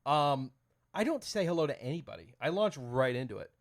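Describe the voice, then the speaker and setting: A man's voice: fairly high pitch, big pitch swings, fairly quick. A young man co-hosting a casual podcast, rambling and correcting himself as he talks. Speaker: podcast co-host. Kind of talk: casual chat.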